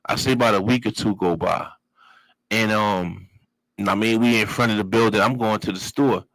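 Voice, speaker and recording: A Brooklyn guest with a fairly low voice shares his life story at a moderate pace, animated and profane, using street talk and vocal sound effects. The recording is dry and rough.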